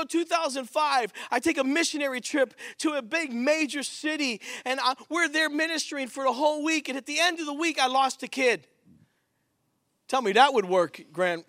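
Male preacher, high bright voice, fervent sermon delivery, dry close sound. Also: no room sound. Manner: fervent storytelling preacher, swings from shouting to hushed. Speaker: preacher at a men's ministry.

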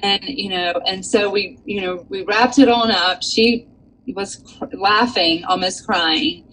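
A woman author, a guest, telling a personal story in an earnest, animated way with many fillers. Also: mid-range voice, slow, slight background noise, poor audio. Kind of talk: storytelling in a casual chat.

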